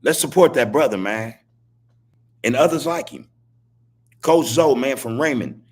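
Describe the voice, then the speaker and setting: Husky man preaching on a live podcast. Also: medium pitch, lively intonation, unhurried. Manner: preachy, repetitive street talk, laughs as he speaks. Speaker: podcast host. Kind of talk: live-stream podcast monologue.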